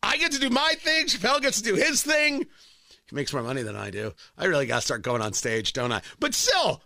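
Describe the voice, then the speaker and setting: A man's voice: sits high, bright, forceful tone, dry recording, clean studio sound. A man hosting a talk radio show, delivering an opinionated monologue in a combative, sarcastic way with emphatic repetition.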